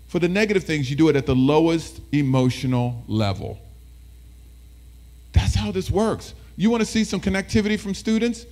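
A man giving a motivational presentation to educators as a keynote speaker, lively and talking with the audience, often acting out voices. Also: on the high side, a little fast. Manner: animated, talks with the audience, acts out voices.

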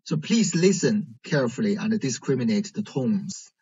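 A man teaching a language lesson, explaining slowly and checking in with "right?". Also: medium pitch, lively intonation, darkish tone, breathy edge. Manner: slow, careful explaining with frequent "right?" checks. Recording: dull lo-fi recording.

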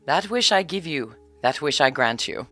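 Lady doing a grumpy little leprechaun guy, sneery and prickly, real low voice. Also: animated, a bit bright, faint music behind. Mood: grudging. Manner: sneering and quick to take offence. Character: sour, touchy little male leprechaun cobbler.

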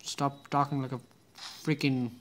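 Slow-talking gamer muttering and swearing. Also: mid-range voice, level tone, heavy background noise. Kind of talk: casual gameplay commentary.

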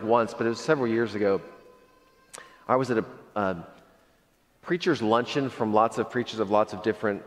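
A man preaching a sermon to his congregation, telling stories with animated energy and frequent laughter. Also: mid-range voice, big-room sound. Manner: animated storytelling, laughs often. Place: church sanctuary.

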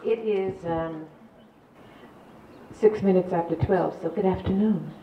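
An older woman from San Antonio tells local stories to a crowd, chatty and rambling, with a slightly low voice. The sound is dull and echoey, as if picked up from far back in a large room, with faint background noise. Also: takes it slowly. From San Antonio, Texas. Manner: chatty and rambling, with laughs and restarts. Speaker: community speaker. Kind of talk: storytelling talk to an audience.

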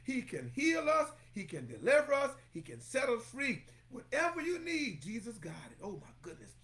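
A male pastor teaching scripture with a high, swooping voice that rises and falls dramatically. He exclaims constantly, calls out congregants by name and repeats key phrases for emphasis. Now and then he breaks into a line of a song. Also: huge pitch swings, moderate pace, vocal fry, fairly bright tone. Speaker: pastor teaching Bible study. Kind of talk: lively sermon-style Bible lesson.

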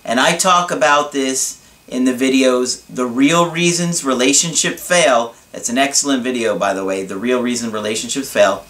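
A man giving relationship advice as a coach in a video monologue, explaining in a deliberate, reassuring way. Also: mid-range voice, a bit bright.

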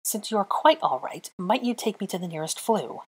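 Woman reader voices a proud, shrill young witch in a storybook reading; sarcastic, pitch swinging wildly. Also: expressive, fairly quick, husky. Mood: indignant. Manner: shrill, sarcastic, pitch leaping high when indignant. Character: exasperated young witch, sharp-tongued and proud.

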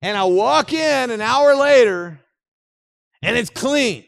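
A middle-aged male pastor preaches in a church with an animated, joking delivery. His voice sits high for a man, and the recording is dry and close. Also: takes it slowly, creaky, no echo. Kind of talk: sermon. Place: church sanctuary.

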